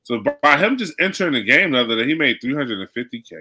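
A man's voice: medium pitch, big pitch swings, fast, pushed and bright. A man co-hosting a sports podcast, boasting and trading playful trash talk. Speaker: podcast co-host. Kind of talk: casual sports chat.

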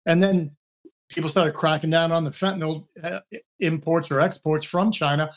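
A man in his sixties, a retired drug agent, giving measured explanations as a podcast guest. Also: a little high, steady tone. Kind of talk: podcast interview.

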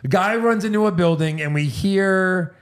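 A man's voice: sits high, moderate pace. A man co-hosting a casual movie review podcast, recapping the plot and laughing often. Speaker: podcast co-host.

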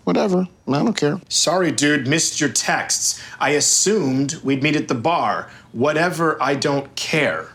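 A man's voice: a little high, lively intonation, a little slow, creaky, fairly bright tone, exaggerated voice. A man acting out two annoyed young men texting each other in a comic skit reenactment, snippy and exaggerated.

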